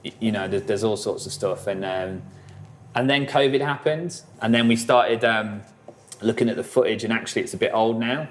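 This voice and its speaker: A man's voice: lowish voice, moderate pace, slight background noise. A man, a musician guest telling rambling stories in a casual interview, full of fillers and swearing.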